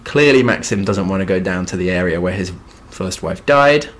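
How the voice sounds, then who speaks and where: A man co-hosting a podcast, recapping a classic novel in casual, dry chat with quick asides. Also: low-pitched, lively intonation, a bit bright. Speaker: podcast co-host.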